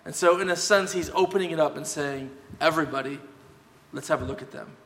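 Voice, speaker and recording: A man preaching a sermon as pastor, talking conversationally and emphatically, often checking in with a quick "yeah?". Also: fairly high pitch, fairly bright tone. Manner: conversational, emphatic, tag questions. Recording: long hall reverb.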